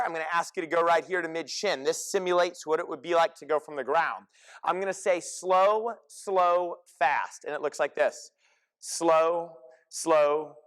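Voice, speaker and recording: Man, high voice, fitness coach, energetic, short commands, counting cues, group gym class.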